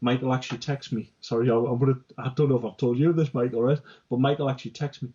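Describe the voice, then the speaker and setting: A man's voice: mid-range voice, fairly even intonation, fast talker, dark tone, breathy edge, muffled recording. A man co-hosting a casual business chat, talkative, tagging his sentences with "right?" and "yeah?". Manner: chatty, repeats "right?" and "yeah?". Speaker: company director, co-host.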